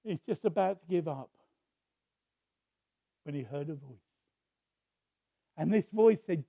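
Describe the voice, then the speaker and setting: A man's voice: fairly high pitch, animated, takes it slowly, creaky, long pauses, mellow, no echo, dull audio. A man preaching a sermon, telling a story in a conversational way with restarts.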